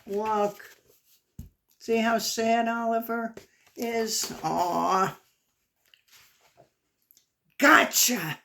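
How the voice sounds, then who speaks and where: A woman's voice: medium pitch, slow pace, a little hiss or hum. A woman reading a picture book aloud to children, stopping to ask the kids questions. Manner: engaging, asks the kids questions. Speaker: storyteller.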